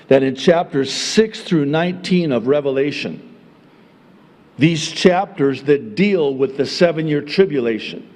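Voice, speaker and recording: A middle-aged male pastor preaching at an unhurried, deliberate pace. He drops to quiet explanation, then rises to loud emphatic points, with folksy asides and chuckles along the way. His voice carries a long reverberant tail, as in a large hall. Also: fairly high pitch. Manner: emphatic, swings from quiet teaching to loud exclamation. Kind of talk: sermon.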